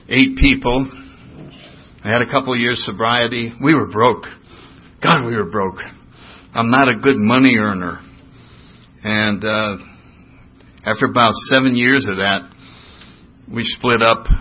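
Older man, bright, husky voice. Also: fairly low pitch. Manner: animated storytelling, acts out voices. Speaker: recovery speaker. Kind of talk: personal recovery talk. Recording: dull lo-fi recording.

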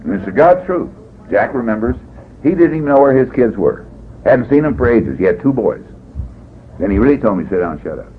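Older man, folksy meeting speaker, lively swooping delivery, on a dull lo-fi tape. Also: mid-range voice, fairly quick. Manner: folksy, jokey, animated storytelling. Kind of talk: storytelling share at a meeting. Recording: dull lo-fi tape with faint hiss.

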